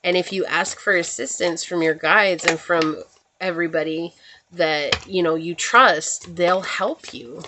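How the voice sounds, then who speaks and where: A woman's voice: fairly low pitch, fairly even intonation, unhurried, noisy background. Chatty, reassuring tarot reader woman. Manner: chatty and meandering, often checking in with "right?". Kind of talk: casual spiritual tarot reading.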